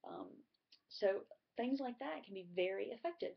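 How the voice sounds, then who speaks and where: A woman's voice: medium pitch, lively intonation, moderate pace, creaky, slightly rough. A young adult woman giving a conversational class presentation, with frequent filler words. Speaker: student presenter. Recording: muffled lo-fi recording.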